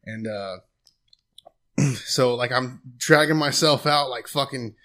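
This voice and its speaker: A man's voice: mid-range voice, slow, a bit bright. Man, twenties, casual storytelling, profane, laid-back. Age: 20s. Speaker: guest.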